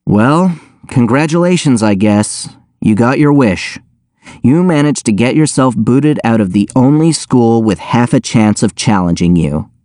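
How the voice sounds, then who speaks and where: A man's voice: mid-range voice, expressive, a little slow, darkish tone, dry recording, clean studio sound, natural voice. A man reading aloud, voicing an exasperated teenage schoolboy with an incredulous, scolding tone. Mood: resigned.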